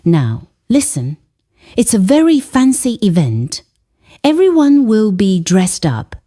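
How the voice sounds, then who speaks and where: Smooth-talking grown son, businessman type, gentle but pushy, slow and lilting, darkish tone , as a woman narrator puts him on. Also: medium pitch, huge pitch swings, exaggerated voice. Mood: coaxing. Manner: gentle, coaxing, insistent. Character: persuasive adult son, polished businessman.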